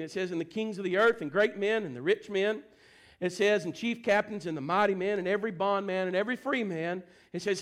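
High-voiced preacher, hushed to forceful. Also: male voice. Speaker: pastor. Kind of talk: sermon.

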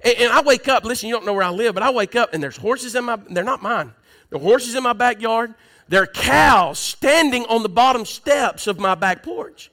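Bright, high-voiced man preaching. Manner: conversational storytelling, addressing the congregation. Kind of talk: sermon. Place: church, before a congregation.

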